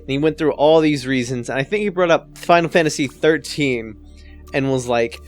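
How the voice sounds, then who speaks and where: A man's voice: on the high side, normal speed, soft background music. A man in his twenties telling stand-up stories in a casual, rambling way, often swearing. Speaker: comedian. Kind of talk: stand-up storytelling.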